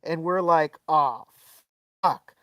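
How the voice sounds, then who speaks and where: Speaking slowly in a fairly high voice, a man co-hosting a podcast tells a story in casual chat, animated and profane, acting out what others said. The audio is dull, with a distant mic and no room sound.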